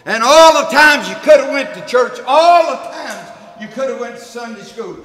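A man preaching a sermon, folksy, loud and emphatic, swinging from shouts to low storytelling. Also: animated, normal speed. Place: church sanctuary. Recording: long church reverb.

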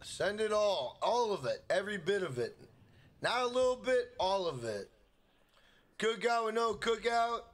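A man's voice: high voice, big pitch swings, a little slow. Hyped, profane young man streamer. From Minnesota. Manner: hyped, profane, shouts out chat members. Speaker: gaming live streamer. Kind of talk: casual live-stream chat.

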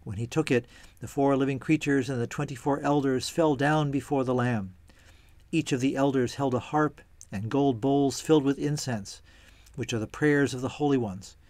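A man giving a measured, reverent reading of scripture followed by a calm reflection, delivered deliberately for a church series. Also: mid-range voice, no echo. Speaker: church reader and teacher.

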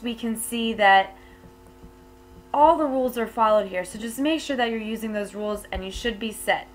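A woman teacher walks through a lesson point by point, patient and methodical. Her pitch sits in an ordinary middle range. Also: a bit bright. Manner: explains step by step, patient. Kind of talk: classroom tutorial.

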